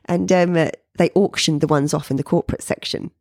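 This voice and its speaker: A middle-aged New woman with a low, gravelly voice recounts her painting career in a relaxed interview. She tells it with animation, her voice leaping up whenever she acts out what others said. The sound is close and dry. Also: brisk, no room sound. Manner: animated, jumps high when quoting people. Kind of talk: casual storytelling interview.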